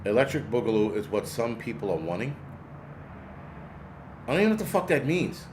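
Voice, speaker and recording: A man's voice: mid-range voice, very animated, a little fast, noisy background. Profane rambling man in his forties. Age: 40s. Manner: profane, rambling, talks back to chat. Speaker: host. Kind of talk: casual livestream rant.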